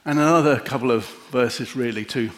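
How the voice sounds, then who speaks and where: A middle-aged man preaching a sermon and leading a prayer, gentle and reflective with long pauses. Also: medium pitch. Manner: emotional, easily moved.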